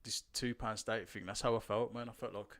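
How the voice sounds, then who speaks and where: A man's voice: on the low side, steady tone, brisk, a bit bright. A man co-hosting a podcast, talking in a loose, teasing way full of fillers. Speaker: podcast co-host. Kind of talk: casual chat.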